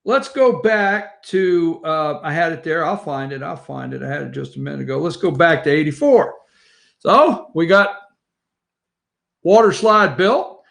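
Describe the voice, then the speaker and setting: A man's voice: fairly high pitch, lively intonation, a little slow, gravelly, fairly bright tone. A man hosting a morning show, telling rambling family stories over old photos and chatting straight to his viewers.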